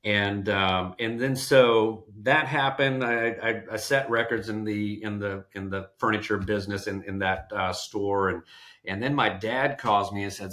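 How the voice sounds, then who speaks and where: A man's voice: lowish voice, measured pace. A middle-aged man from Georgia, telling folksy stories as a podcast guest and often restarting his phrases. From Georgia, USA. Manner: folksy, animated storyteller who acts out quotes and restarts phrases. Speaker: podcast guest, sales trainer. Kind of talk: casual storytelling interview.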